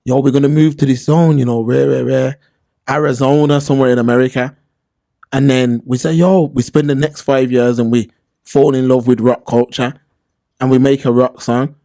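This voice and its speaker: A man's voice: mid-range voice, flat delivery, normal speed, gravelly, mellow, no echo, clean studio sound. A man co-hosting a casual talk show, telling stories animatedly and acting out the voices he quotes. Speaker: podcast co-host. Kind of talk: casual discussion.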